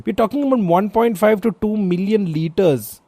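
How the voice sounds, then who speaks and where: Male trivia co-host, playful and animated, a touch high-pitched, warm. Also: normal speed, no room sound. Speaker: podcast co-host. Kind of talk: casual trivia chat.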